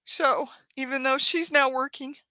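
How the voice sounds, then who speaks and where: A woman hosting a live stream for her yarn craft channel, tearful and crying, talking in a halting, sighing, apologetic way. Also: sits high, steady tone, pushed and bright, dry recording.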